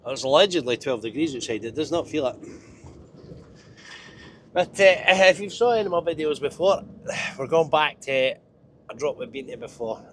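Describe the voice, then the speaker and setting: A Scottish man talks from his truck cab with a stuffy, nasal voice from a cold. He chats in a wry, self-mocking way at an ordinary middle pitch. A faint engine hum sits behind him. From Scotland. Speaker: truck driver vlogger. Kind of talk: casual driving vlog.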